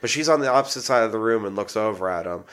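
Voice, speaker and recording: A man's voice: on the low side, expressive, racing, a bit bright. A man co-hosting a casual podcast, recapping film scenes matter-of-factly with blunt swearing. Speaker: podcast co-host.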